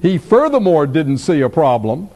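A man preaching a sermon, teaching in an unhurried, expressive way and asking his listeners rhetorical questions. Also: fairly high pitch.

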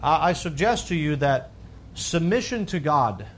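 A man preaching a sermon, swinging from calm teaching to loud, fervent high-pitched emphasis. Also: a little slow, a little hiss or hum.

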